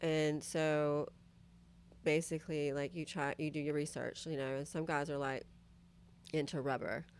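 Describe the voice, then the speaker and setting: A woman's voice: deep voice, fairly even intonation, measured pace, a little mellow, smooth. A young woman guest on a podcast, chatting candidly and animatedly, full of "like" and "you know what I mean", often voicing the people she quotes. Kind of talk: casual chat, candid storytelling.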